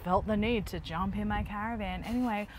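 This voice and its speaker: Speaking a little fast at medium pitch over a noisy crowd, this Australian woman in her thirties tells animated stories as co-host of a casual family travel chat. She's a mother, laughs often, and uses "like" constantly.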